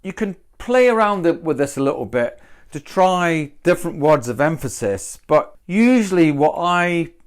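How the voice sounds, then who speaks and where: A man from Britain, with a voice sitting a little on the high side, leads a relaxed English pronunciation lesson. He thinks aloud as he goes and says each example sentence over several times, moving the stress to a new word each time. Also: moderate pace, clean tone. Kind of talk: explanatory lesson.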